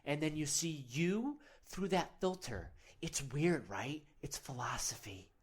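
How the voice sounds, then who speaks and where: A man hosting a parody guided meditation, rambling and earnest, often soft-spoken. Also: fairly high pitch, expressive, measured pace, slightly rough. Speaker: host.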